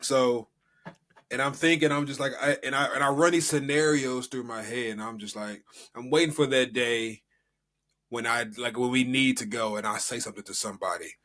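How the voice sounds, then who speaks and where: A man's voice: medium pitch, fairly even intonation, moderate pace, a bit bright. Rambling American man chatting casually. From United States. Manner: rambling storytelling with many fillers. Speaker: podcast co-host. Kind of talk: casual chat.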